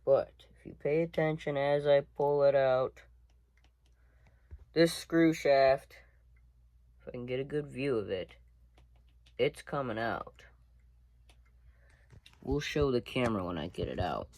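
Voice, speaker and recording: A man's voice: mid-range voice, measured pace, pauses often, darkish tone, no room sound. A young man in a workshop, casually explaining each step as he works, recorded on a camera mic. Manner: talks through each step while working. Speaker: student demonstrating a workshop task. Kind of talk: casual hands-on demonstration.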